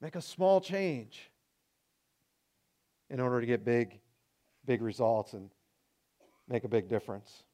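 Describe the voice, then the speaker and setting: A man preaching a sermon as pastor, animated and acting out people's excuses in changing voices. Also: medium pitch, measured pace, long pauses.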